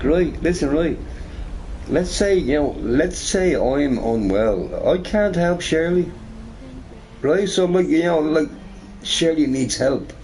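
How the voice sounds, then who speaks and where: A man streaming a game, chatting casually in a rambling way, often tagging on "right?" and swearing. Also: medium pitch. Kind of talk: casual chat while gaming. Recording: noisy recording with game sound behind.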